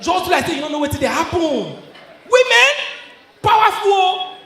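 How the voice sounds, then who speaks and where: A young man with a Nigerian accent doing live stand-up comedy in Pidgin-mixed English, often shouting punchlines and laughing. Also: very high voice, sing-song, moderate pace, vocal fry. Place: comedy show venue. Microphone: handheld stage mic. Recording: echoey live venue sound. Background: audience laughter.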